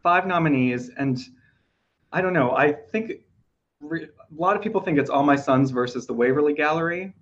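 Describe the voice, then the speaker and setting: A man hosts a podcast, his voice worn and going hoarse. He talks chattily with many ums and restarts, and the audio sounds a little dull. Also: on the high side, normal speed. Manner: chatty, hesitant with fillers. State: losing his voice. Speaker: podcast host. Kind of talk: casual awards-prediction chat.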